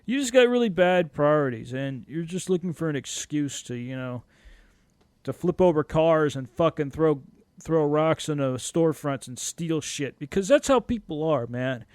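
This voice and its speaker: A man's voice: a little high, moderate pace, no echo. Profane, ranting young man podcaster. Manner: animated rant with laughs and frequent swearing. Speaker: podcast host. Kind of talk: solo podcast rant.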